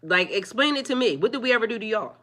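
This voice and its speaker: A woman talking live to her viewers, firmly scolding trolls in a preachy, drawn-out way. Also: fairly high pitch, animated, fairly bright tone. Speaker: livestreamer. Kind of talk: live-stream chat with viewers.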